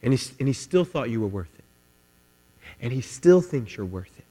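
A man preaching a sermon with passion, repeating his words and swinging between loud, driving lines and hushed ones. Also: mid-range voice, big pitch swings, normal speed, long pauses, slightly rough. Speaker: pastor. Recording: long hall reverb, mains hum.

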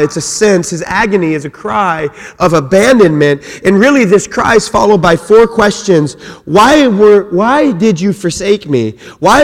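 A man's voice: sits high, long reverb tail. A man preaching a sermon as pastor, earnest and repeating words as he builds his points. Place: church.

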